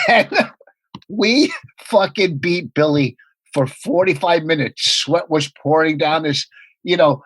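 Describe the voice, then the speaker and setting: A man telling rapid, profane comedy anecdotes in a casual podcast chat. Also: on the high side, lively intonation, a bit bright, husky, poor audio. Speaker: comedian guest.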